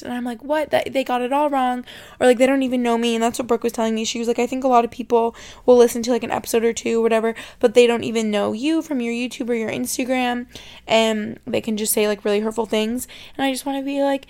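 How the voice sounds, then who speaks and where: A young adult woman hosting a podcast, chatting casually and emotionally with many "like" fillers. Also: on the high side. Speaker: podcast host. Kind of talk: casual solo podcast chat.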